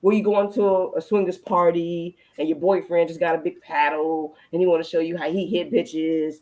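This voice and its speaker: A woman hosting a casual adult chat, telling stories in an animated way, acting out her own reactions and swearing freely. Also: on the low side, a little fast, low-quality recording. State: recalls being pregnant at the time, not now. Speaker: podcast host.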